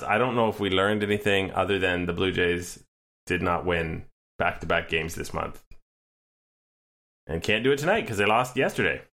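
A man with a fairly low-pitched voice co-hosts a casual sports podcast. He talks in a wry, joking way, drifting into rambling asides before getting back to the point. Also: a bit bright. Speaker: podcast co-host.

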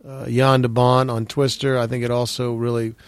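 A middle-aged man at a mid-range pitch tells stories on a close, dry mic with no room sound around him. He talks casually and often repeats his words in little stammers. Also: little pitch movement, normal speed, smooth, dry recording. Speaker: actor guest. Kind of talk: casual conversational storytelling.

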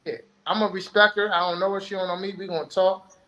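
A man's voice: high voice, steady tone, fast, sharp tone. A man on a panel talking bluntly and emphatically in casual chat, with slangy speech.

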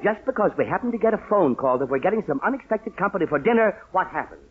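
A flustered, blustering father in a 1940s radio comedy, his high voice swinging up and down as he scolds the whole house. The tone is husky, and the sound is thin and tinny like an old radio broadcast. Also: animated, fast. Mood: scolding. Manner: blustering and scolding, stern lectures. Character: exasperated middle-aged father, head of household. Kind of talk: 1940s radio sitcom acting.

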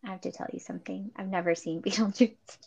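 A woman co-hosting a podcast in casual chat, relaxed and agreeable. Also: medium pitch, quick pace, husky. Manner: relaxed, agreeable, rule-following. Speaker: podcast co-host.

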